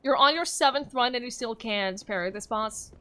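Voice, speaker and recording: A woman's voice: a little high, normal speed, a bit bright, clean tone. A woman streaming a game live, talking playfully to chat, laughing often and yelping whenever her character gets hit. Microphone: microphone in front of her face.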